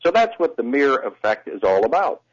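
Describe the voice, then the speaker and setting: A man who coaches voices, explaining things in a lively, teacherly way as a guest on a radio talk show, heard over a phone line. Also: mid-range voice, fairly quick.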